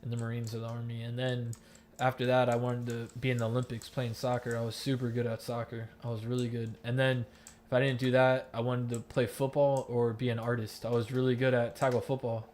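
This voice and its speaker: Speaking on a gaming headset mid-game, a young active-duty soldier from the Miami area pours out a painful personal story. He talks briskly in a flat, level pitch, rambling and cursing with many fillers and restarts, while a faint computer hum runs underneath.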